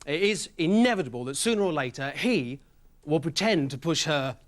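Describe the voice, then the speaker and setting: A man doing a stand-up routine, rambling through absurd stories with deadpan asides. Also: on the high side, moderate pace, background noise. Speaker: stand-up comedian. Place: comedy club stage with audience.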